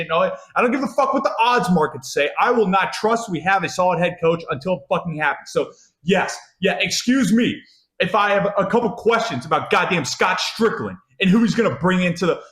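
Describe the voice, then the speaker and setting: A young American man rants about college football, cursing nonstop and repeating himself. His fairly high voice swoops wildly between loud outbursts and low mutters. The room around him is echoey. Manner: swears constantly, repeats lines, swings loud then muttering. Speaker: college football podcast host. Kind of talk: profane ranting sports talk.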